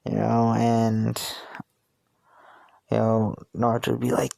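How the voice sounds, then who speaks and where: A man's voice: medium pitch, completely flat delivery, slow pace, creaky, pauses often, dark tone, no echo, clean studio sound. A man with a New Jersey accent telling a fan story in a rambling, casual way with many restarts. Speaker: video creator.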